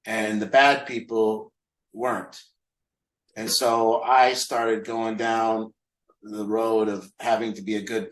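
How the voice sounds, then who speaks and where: A man's voice: lowish voice, echoey room, poor audio. Candid man leading a group talk. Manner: candid, self-mocking, rhetorical questions. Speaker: recovery group leader.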